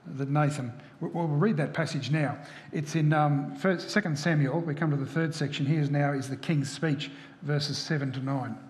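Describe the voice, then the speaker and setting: A man's voice: fairly high pitch, moderate pace. A man preaching a sermon, often asking the listeners rhetorical questions. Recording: echoey hall from far off.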